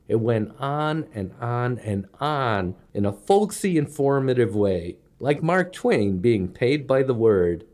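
Brief: male comic storyteller, wry and self-mocking, very expressive intonation, middle pitch. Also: slow, few pauses. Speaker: comedian storyteller. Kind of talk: comedic storytelling monologue.

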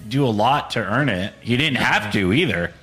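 A man co-hosting a podcast in casual chat, his voice bright and forward. He talks chattily, dropping "like" into his sentences as he recaps. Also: medium pitch, big pitch swings, moderate pace. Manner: chatty, says "like" a lot. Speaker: podcast co-host.

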